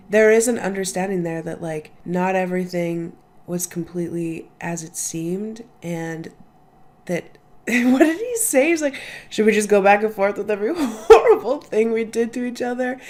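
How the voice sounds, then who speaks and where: Gushing, swearing young woman host. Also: mid-range voice. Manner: gushing, swears freely, laughs often. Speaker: reaction channel host. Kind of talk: casual reaction commentary.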